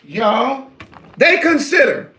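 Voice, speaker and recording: A man teaching an online scripture lesson, animated and preacher-like, talking straight to his viewers. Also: very high voice, slow pace, echoey room. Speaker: Bible teacher.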